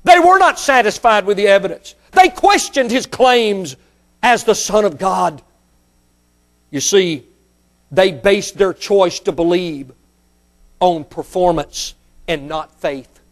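A man preaching a sermon who speaks straight to his listeners, repeats phrases for emphasis and builds to shouts on key points. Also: sits high, lively intonation, slow, long pauses.

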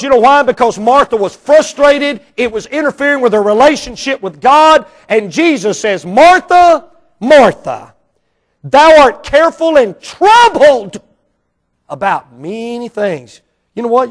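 A man, a Baptist pastor preaching a sermon in a church auditorium, emphatic and swinging between hushed asides and loud outbursts. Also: extremely high pitch.

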